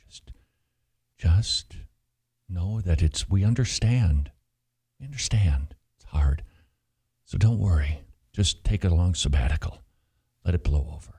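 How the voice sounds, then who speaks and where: A man putting on a soft, hushed, soothing voice that urges pastors to keep quiet. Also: low-pitched, animated, measured pace, long pauses, breathy edge, no room sound, pitched below the performer's own voice, full character voice. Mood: hushing. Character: hushing soothing voice urging pastors silent.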